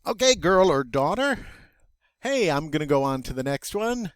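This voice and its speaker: An older man, teaching French vocabulary in a slow, patient, folksy way, drawing out each word. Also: a little high, very animated, clear, resonant tone, no echo, clean studio sound. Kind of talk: recorded vocabulary lesson.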